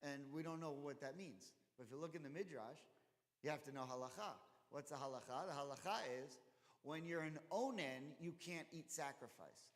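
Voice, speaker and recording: A man teaching an informal Torah study class in a conversational, animated way, acting out the dialogue he quotes. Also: on the high side, moderate pace. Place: temple chapel. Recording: long hall reverb.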